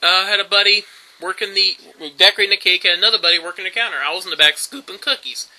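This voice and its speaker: A man's voice: high voice, fairly even intonation, fast, pushed and bright, low-quality recording. A man, telling rambling stories in a casual vlog monologue, full of fillers and laughs. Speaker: YouTube vlogger.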